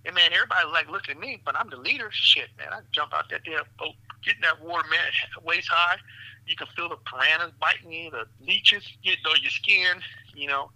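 A man, a physician guest, telling stories in an animated, profane way, laughing often and calling the listener "man" and "brother". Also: a little high, fairly quick, no room sound, poor audio. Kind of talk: animated storytelling in a podcast interview.

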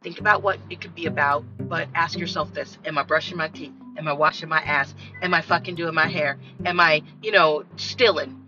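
A woman hosting a podcast, talking bluntly in a candid, profane monologue with animated storytelling. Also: low-pitched, fairly quick, hardly any pauses. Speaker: podcast host. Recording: dull lo-fi recording with faint music.

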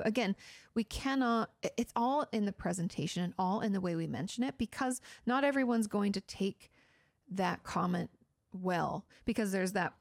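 Chatty woman therapist with vocal fry. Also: mid-range voice, moderate pace, dry recording, studio quality. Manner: chatty and explanatory, many fillers like "you know". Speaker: therapist answering viewer questions. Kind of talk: casual advice talk.

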